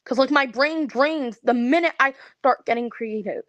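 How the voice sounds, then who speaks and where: A woman in her twenties venting to viewers in a casual way, tired and stressed, halting and stammering as she restarts her sentences. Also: high voice, a bit bright, no room sound, lo-fi sound. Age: 20s. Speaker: content creator.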